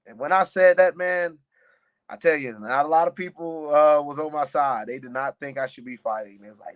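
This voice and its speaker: A young man with a slightly high voice, talking about fights on a podcast. He tells his stories in a loose, animated way and drops a lot of "man" and "you know." It sounds like relaxed, casual chat. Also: normal speed, clear, resonant tone.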